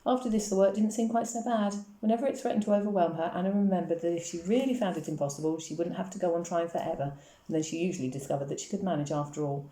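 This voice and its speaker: A woman reading a children's novel aloud with steady, expressive storytelling. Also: fairly low pitch, fast. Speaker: reader. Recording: echoey room.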